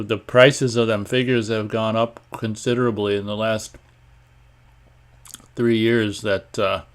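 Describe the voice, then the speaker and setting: A man hosting a live online show, chatting casually and reading viewer comments aloud in a rambling, offhand way, often clearing his throat. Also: lowish voice. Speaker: host of a live online radio stream.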